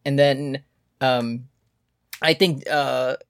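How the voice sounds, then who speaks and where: A man chatting through a show recap with animated, playful energy, slipping into silly voices whenever he quotes someone. His voice is recorded close and dry, with no room sound around it. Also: medium pitch, extremely slow, vocal fry, clean tone, dry recording. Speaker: co-host. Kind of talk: casual comedic recap chat.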